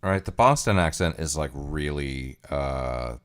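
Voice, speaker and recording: A man's voice: a bass voice, animated, measured pace, clean tone. A man hosting a livestream, chatting casually and thinking aloud in a rambling, musing way. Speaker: livestream host.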